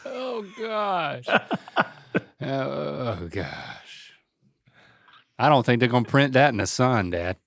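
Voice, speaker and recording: A middle-aged man hosts a relaxed chat, reacting with laughter and mock exasperation. His pitch swings widely and his pace is unhurried. The close, dry recording has no room sound. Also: creaky, no room sound. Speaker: podcast host. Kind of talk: casual podcast chat.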